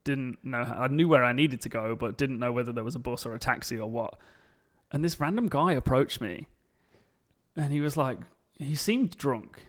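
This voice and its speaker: A young English man chatting casually and telling stories, animated and swearing freely, acting out the people he quotes. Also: medium pitch, normal speed. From England. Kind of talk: casual chat, storytelling.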